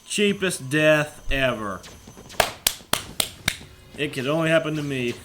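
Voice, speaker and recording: A man doing casual let's play commentary at home, rambling and chatty, sometimes yelling at the game. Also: fairly high pitch, noisy background. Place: apartment room at home with thin walls. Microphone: desk microphone. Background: video game music.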